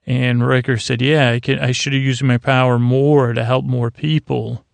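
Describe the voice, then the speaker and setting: A man's voice: medium pitch, level tone, normal speed, creaky, dry recording. A man hosting a podcast, casually retelling a TV episode scene by scene, loose and rambling, with lots of fillers and restarts. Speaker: podcast host.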